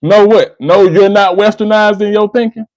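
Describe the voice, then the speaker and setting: High-voiced man lecturing a caller. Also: steady tone, normal speed, darkish tone, no echo, poor audio. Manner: lecturing, repeats the caller's name; restarts and repeats words. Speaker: host of a call-in debate stream. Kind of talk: argumentative call-in discussion.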